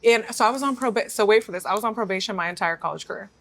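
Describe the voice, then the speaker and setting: A woman as an interview guest, telling her story in an animated, emotional way and acting out the voices of people she quotes. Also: mid-range voice, very fast.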